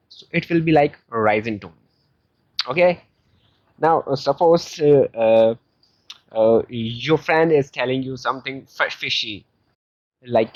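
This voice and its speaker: A man with a South Asian English accent teaching a beginner language lesson, explaining slowly and patiently with many fillers. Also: medium pitch, dry recording. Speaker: Chinese teacher. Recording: dull lo-fi sound.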